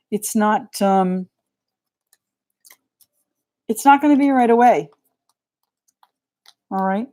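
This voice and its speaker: A woman's voice: medium pitch, dark tone. A middle-aged woman with a New England accent giving a live tarot reading in a chatty, frank and joking way. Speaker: tarot reader.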